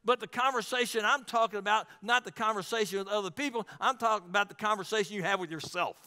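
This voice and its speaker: A man's voice: high-pitched, bright, forceful tone, smooth, big-room sound. A man pastor preaching a sermon in a conversational way, calling out to the congregation.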